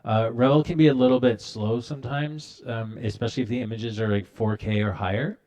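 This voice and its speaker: A man's voice: mid-range voice, steady tone, brisk, darkish tone. A man hosting a casual live-stream art tutorial, talking loosely with many fillers and restarts while he works at his computer.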